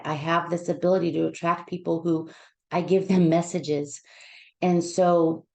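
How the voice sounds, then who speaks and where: A counselor sharing a personal story with listeners, emotional and near tears, talking in a heartfelt, halting way with many restarts. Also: female voice, fairly low pitch, darkish tone.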